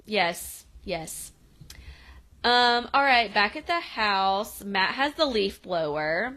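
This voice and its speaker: A woman co-hosting a podcast, casually recapping a TV episode and acting out the characters' lines in quick voices. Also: medium pitch, expressive, sharp tone, low-quality recording. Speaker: podcast co-host.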